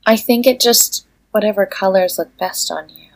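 A woman's voice: mid-range voice, moderate pace. A woman co-hosting a podcast, chatting casually and reading silly fan fiction aloud, laughing often. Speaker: podcast co-host.

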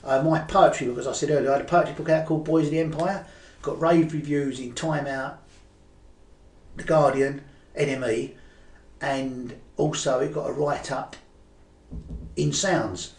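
An older Cockney man with a slightly high voice chats as an interview guest, rambling through his stories with restarts and fillers. He sits back from the mic in an echoey room. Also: fairly even intonation, normal speed, pauses often, darkish tone, far from the mic. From East End of London. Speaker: guest poet. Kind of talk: casual interview chat.

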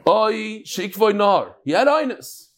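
A man's voice: sits high, big pitch swings, slow, a bit bright. A man giving a casual Talmud class lecture, mixing in Hebrew and Yiddish terms and telling anecdotes. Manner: tells jokes and anecdotes. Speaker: Talmud teacher.

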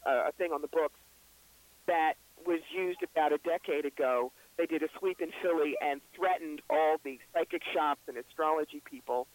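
A man with a brisk, wry storytelling manner, the psychic author and reverend being interviewed on a radio show. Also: a little high, rough recording. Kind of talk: interview guest.

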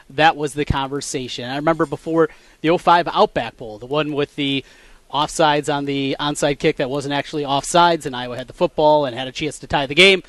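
A man co-hosting a sports radio show, laying out background facts in a measured way and getting lively when he jokes. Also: on the high side, dry recording. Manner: measured, recalls facts in detail, gets animated when joking. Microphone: studio mic.

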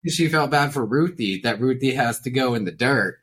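A woman's voice: a bass voice, expressive, moderate pace, breathy edge. A woman co-hosting a podcast in casual chat, eagerly chiming in with her own asides. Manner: eager, chimes in with interjections. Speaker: podcast co-host.

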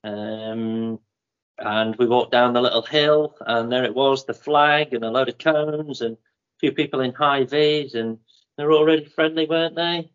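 A man's voice: mid-range voice, steady tone, measured pace, a bit bright, clean tone, highs cut off. Rambling man telling a story. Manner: rambling anecdotal storytelling, playful. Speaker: podcast co-host. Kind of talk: casual chat.

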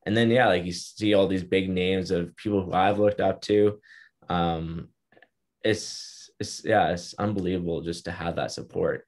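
Low-voiced earnest young man. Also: fairly even intonation, unhurried. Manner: earnest, reflective storytelling. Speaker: guest. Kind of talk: casual interview.

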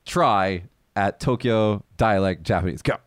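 A man hosting a casual bilingual podcast, lively, leading the talk with quick interjections. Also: on the low side, no room sound, studio quality. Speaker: podcast host.

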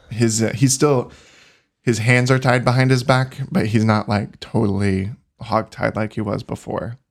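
A man narrating as game master in a casual, halting way with many fillers. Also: fairly low pitch, little pitch movement, vocal fry.

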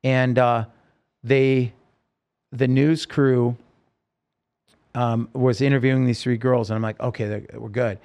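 A man's voice: medium pitch, level tone, a little slow, pauses often, a little mellow, clear, resonant tone. A man telling his story as a podcast guest, rambling and emotional, with many fillers. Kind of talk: casual storytelling interview.

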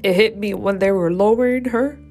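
A woman's voice: medium pitch, brisk, a little mellow, soft background music. A woman telling a raw personal story with heavy swearing and strong emotion, as a podcast host.

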